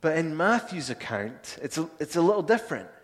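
Male pastor preaching, high voice, earnest, urgent then hushed, big reverby hall. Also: big pitch swings, fairly quick. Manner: earnest, rising to urgent pleading then dropping soft and low. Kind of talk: sermon.

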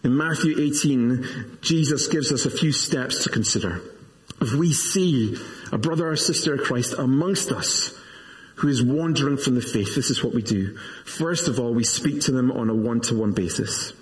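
A man in his forties, a pastor preaching a sermon in an earnest, measured way with self-deprecating asides. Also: medium pitch. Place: church. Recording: reverberant church hall.

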